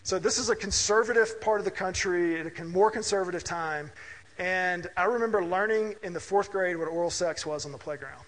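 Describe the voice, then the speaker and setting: A man's voice: high voice, brisk, a bit bright. A middle-aged man from Mississippi preaching a conversational sermon, telling family stories and checking in with "right?". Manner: conversational, anecdotal, asks listeners "right?". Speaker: pastor. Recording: reverberant hall.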